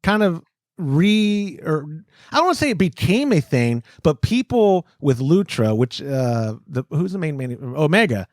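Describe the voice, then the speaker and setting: Male podcast host, animated and expressive, trips over his own sentences. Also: on the high side, moderate pace, no room sound, clean studio sound. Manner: animated, restarts sentences often, laughs easily. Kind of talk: casual podcast chat.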